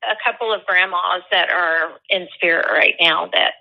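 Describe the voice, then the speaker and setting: A woman's voice: fairly low pitch, moderate pace, vocal fry, dull audio. A woman calling in to a radio show, giving brief polite replies. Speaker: caller. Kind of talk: call-in radio conversation.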